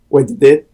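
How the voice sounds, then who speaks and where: A man chatting casually on an animation podcast, giggling often. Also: warm tone.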